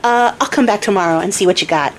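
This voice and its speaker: A woman's voice: medium pitch, fast talker, a little hiss or hum, natural voice, low-quality recording. A woman voicing a mischievous little man who makes magical deals, talking flippantly in casual modern slang. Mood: teasing.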